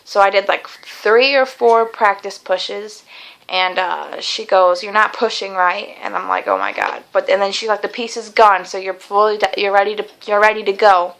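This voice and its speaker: A woman's voice: medium pitch, fairly even intonation, normal speed, gravelly, fairly bright tone, poor audio. A young woman telling a long personal story in a casual vlog, chatty and rambling, with many fillers and restarts. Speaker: vlogger.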